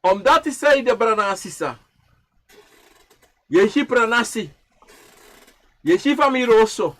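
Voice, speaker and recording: Animated man, high lively voice. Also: unhurried. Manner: repetitive, chanting phrases, swinging from loud to hushed. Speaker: livestream speaker.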